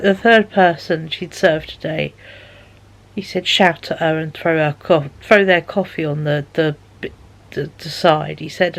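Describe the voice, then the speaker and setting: Woman, casual vlog chat, rambling, filler-heavy, tired, yawning. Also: on the low side. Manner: rambling, lots of fillers and repeated "he said". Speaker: vlogger.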